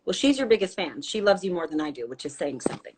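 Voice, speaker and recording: A woman's voice: on the low side, big pitch swings, fast talker, background noise. A woman in her forties chatting on a live phone stream, teasing and quizzing her friend with dry jokes. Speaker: actress. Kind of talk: casual chat on a live stream. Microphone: phone on a live video stream.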